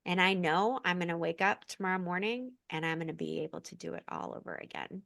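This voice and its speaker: A woman guest on a podcast, talking in a heartfelt, animated way and laughing now and then. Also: fairly low pitch, brisk, gravelly, no room sound, clean studio sound. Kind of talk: emotional casual chat.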